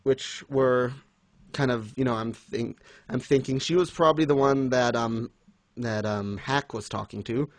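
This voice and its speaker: A man casually chatting as co-host, animated and quick to laugh, acting out lines he retells. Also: mid-range voice, no room sound. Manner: animated, laughs often, acts out quotes. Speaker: podcast co-host. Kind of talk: casual fan discussion.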